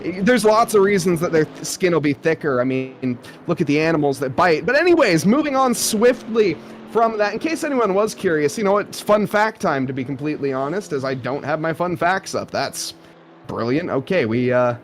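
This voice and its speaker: A man's voice: a little high, expressive, moderate pace, a little hiss or hum. A young man doing live sim racing commentary, rambling in a jokey, self-aware way.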